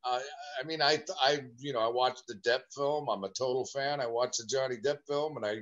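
A man in his fifties from Southern California, a guest in an interview, telling animated, rambling anecdotes about his childhood. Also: medium pitch, a little fast, dull audio. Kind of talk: storytelling interview.

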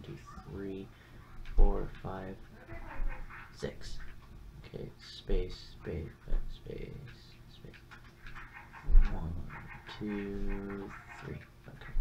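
A young man with a lowish voice talks over his gameplay in a loose, rambling way, swearing casually and poking fun at himself. The recording is muffled and lo-fi. Steady background noise sits under his voice. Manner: rambling, profane, self-deprecating. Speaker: gaming channel host.

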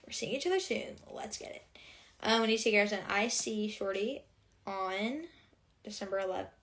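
A woman's voice: mid-range voice, lively intonation, moderate pace, a bit bright. A young woman hosting a casual livestream, chatting to viewers and reading out comments in a bubbly, rambling way full of filler words.

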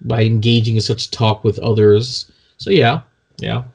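A man co-hosts a casual podcast, talking in a dry, deadpan way and teasing his partner. His voice is gravelly with a husky edge, at an ordinary pitch for a man. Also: measured pace. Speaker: podcast co-host. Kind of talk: casual chat.

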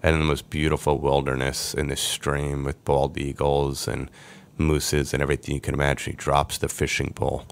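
A man, a podcast guest, telling his life story in a lively way and acting out the voices of people he quotes. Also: a bass voice, normal speed, vocal fry. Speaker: podcast guest, sports agent. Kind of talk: storytelling interview.

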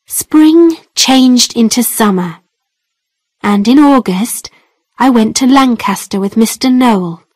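A woman's voice: a little high, lively intonation, takes it slowly, darkish tone, no room sound. A woman narrating a graded storybook for English learners in plain, carefully spaced phrases.

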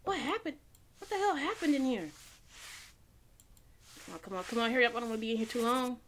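A woman hosting a gaming channel and giving excitable let's-play commentary, gasping, swearing and jumping at scares. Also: on the high side, quick pace, slight background noise.

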